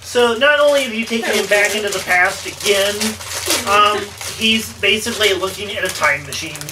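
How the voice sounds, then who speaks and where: A man runs a tabletop game, feeling his way through each description with pauses and restarts. The recording is distant, with a clear noise bed behind him. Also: sits high. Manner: halting, with many ums and restarts. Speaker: game master. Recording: distant mic with background noise.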